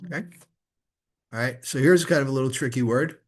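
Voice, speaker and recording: A man's voice: mid-range voice, breathy edge. A man teaching a student to chant Hebrew scripture, patiently modeling each word for her to repeat. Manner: patient, slow, models words for repetition. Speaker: rabbi teaching Torah reading. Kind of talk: one-on-one lesson on chanting.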